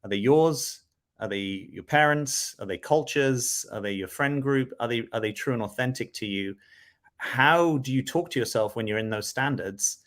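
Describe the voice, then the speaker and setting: A man's voice: mid-range voice, expressive, normal speed, fairly bright tone. A man speaking as a self-development coach in a reflective solo talk to camera, often checking in with "right?".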